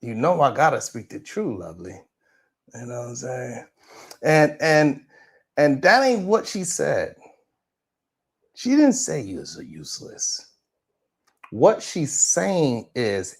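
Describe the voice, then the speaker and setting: A man's voice: medium pitch, sing-song, slow, pauses often, husky. A man hosting a morning show livestream, chatting casually and joking as he talks straight to his viewers.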